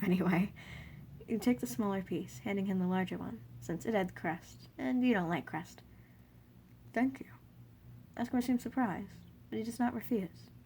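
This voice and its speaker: A woman narrates a fan story in second person with soft, earnest warmth. Her voice sits at an ordinary middle pitch for a woman, with faint background noise underneath. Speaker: fanfiction reader.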